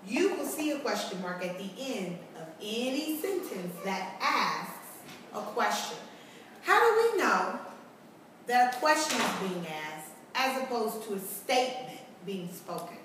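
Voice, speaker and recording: Echoey distant kindergarten teacher. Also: female voice, mid-range voice, expressive, noisy background. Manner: slow, clear teacherly explanation with rhetorical questions. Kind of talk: recorded tutorial lesson for parents and children.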